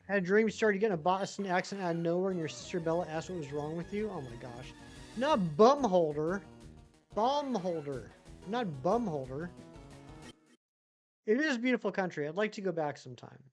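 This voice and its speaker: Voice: medium pitch, expressive, very fast, hardly any pauses, faint music behind. A live streamer with a general American accent, casually reading chat messages aloud and answering them at length.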